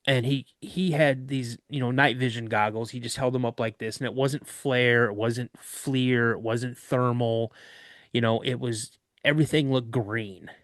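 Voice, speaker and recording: A man guest on a podcast, telling a story of an encounter in an animated way and acting out other people's voices. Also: mid-range voice, unhurried, dry recording, clean studio sound.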